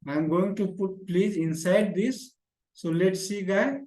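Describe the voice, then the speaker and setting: Man, coding teacher, slow deliberate pace, repeats himself. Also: high-pitched, a little mellow, echoey room, low-quality recording. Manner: repeats phrases, addresses class as "guy". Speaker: programming teacher. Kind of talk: screen-share coding lesson.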